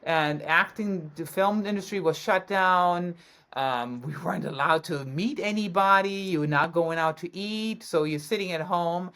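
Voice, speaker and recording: A woman from Germany, a guest actress talking excitedly about her career in a casual interview, with frequent restarts. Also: on the low side, measured pace.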